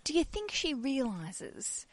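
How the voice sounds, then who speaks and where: A woman hosting a podcast in casual chat, playful and chatty with quick asides. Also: high voice, wildly swooping pitch. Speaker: podcast host.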